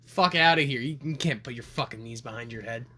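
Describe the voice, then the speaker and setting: Bright-voiced young man, teasing and profane. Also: mid-range voice, a little fast. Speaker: podcast co-host. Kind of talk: casual chat.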